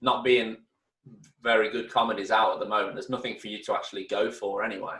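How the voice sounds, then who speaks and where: A man's voice: on the low side, steady tone, fast talker, sharp tone, far from the mic. A man hosting a podcast, asking questions in a casual, hesitant way with lots of fillers. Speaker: podcast host. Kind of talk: casual interview chat. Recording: roomy sound from off-mic.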